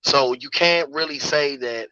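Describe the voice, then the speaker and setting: A man's voice: mid-range voice, measured pace, bright, forceful tone, dry recording, lo-fi sound. A man calling in to a sports show, casual and earnest, building a critical argument. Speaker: caller. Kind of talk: casual sports call-in talk.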